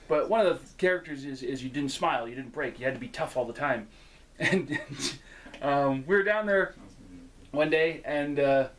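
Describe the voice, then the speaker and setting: A young man, a wrestler and guest, telling stories in casual chat, laughing often and swearing freely. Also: fairly high pitch. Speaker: guest, local wrestler and former tour actor.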